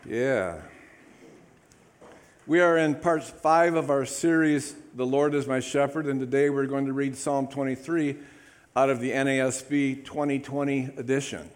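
This male pastor, preaching in his church, has a medium-pitched voice and talks a little slowly. His sermon is upbeat and conversational, full of lively calls for amens from the congregation.

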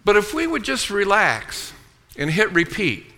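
A man preaches a sermon with a very bright, ringing tone. His voice sits a little high, and he keeps drawing the congregation into call-and-response. He reads scripture in a lower, softer voice. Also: sing-song, a little slow. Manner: preaching with call-and-response, frequent "amen" and "okay". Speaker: pastor.

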